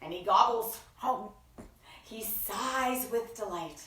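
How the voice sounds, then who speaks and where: A woman hosting a children's story time, reading picture books aloud in an expressive sing-song way with gasps and acted voices. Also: fairly high pitch, slow pace, slight background noise. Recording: echoey room, from far off.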